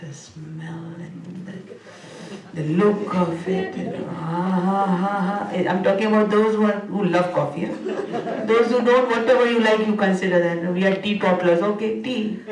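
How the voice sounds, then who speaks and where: A woman gives a spiritual talk, chatty and playful, laughing often and repeating words rhythmically. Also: medium pitch. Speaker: spiritual teacher. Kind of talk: spiritual discourse with humor. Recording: echoey hall, mic at a distance.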